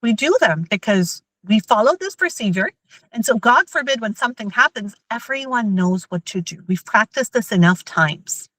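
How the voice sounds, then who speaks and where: A woman and mother giving a lively workshop talk on emotional intelligence to parents and teachers. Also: a little high, normal speed, no room sound, rough recording. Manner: lively, acts out everyday scenes in quoted voices.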